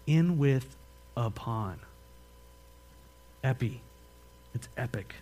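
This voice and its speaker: A man pastor preaching a sermon in a church, speaking emphatically and conversationally with questions to the congregation, then praying softly. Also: mid-range voice, a little slow, long pauses. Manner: drops to a soft, earnest tone in prayer. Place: church sanctuary.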